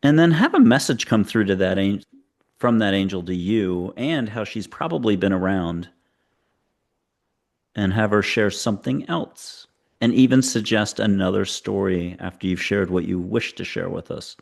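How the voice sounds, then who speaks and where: A male host guiding a guest and his listeners through a visualization in a steady, instructive coaching manner. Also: on the low side, normal speed, gravelly.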